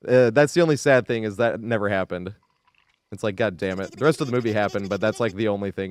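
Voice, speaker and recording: A male game streamer talking casually with his chat while he plays. His pitch swings up and down a lot, he curses freely, and he breaks into laughter between lines. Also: expressive, quick pace, no echo. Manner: swears freely, laughs often, reacts to chat and gameplay. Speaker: live streamer.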